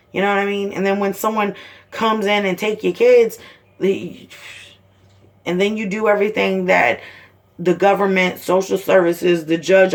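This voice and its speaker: Angry woman ranting, swearing bluntly. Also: medium pitch. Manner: heated, blunt, heavy swearing. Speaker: mother of seven. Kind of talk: angry personal video rant.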